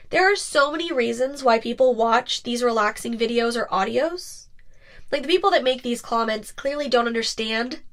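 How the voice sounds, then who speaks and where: A woman's voice: a little high, a bit bright. A young woman hosting a podcast, talking candidly and expressively in a casual monologue, sometimes teasing. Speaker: podcast host and ASMR creator.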